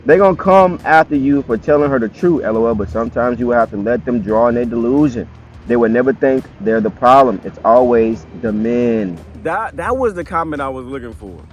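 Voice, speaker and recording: A man's voice: medium pitch, expressive, brisk, slight background noise. A man giving casual reaction commentary, blunt and sarcastic, talking back at the clips he plays.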